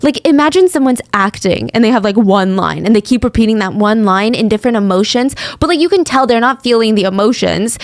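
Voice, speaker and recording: A young woman hosting a true crime podcast, telling the story casually with lively asides and acted-out quotes. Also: a little high, dry recording.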